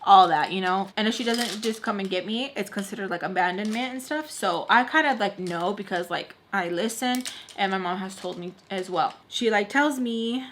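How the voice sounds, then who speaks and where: A woman's voice: medium pitch, normal speed, a little hiss or hum. A young adult woman vlogger telling a personal story in a casual, chatty way, full of fillers, with a blunt, frustrated edge. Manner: chatty, filler-heavy, animated retelling. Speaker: beauty vlogger.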